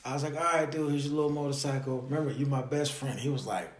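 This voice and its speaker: A man in his thirties, a podcast co-host in casual chat, telling stories with jokes and a deadpan streak. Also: mid-range voice, quick pace, few pauses. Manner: animated, joking storyteller with a deadpan streak. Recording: echoey room.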